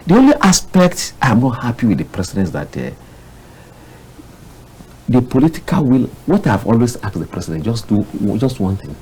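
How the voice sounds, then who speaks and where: A Nigerian man, a public affairs analyst, giving heated, exasperated commentary on a studio panel, his voice jumping to sudden high bursts. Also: wildly swooping pitch, moderate pace, darkish tone, breathy edge, poor audio.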